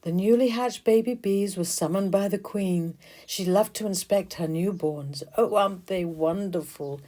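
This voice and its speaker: A woman, the author, narrating a children's storybook in a gentle, expressive way. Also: mid-range voice, moderate pace.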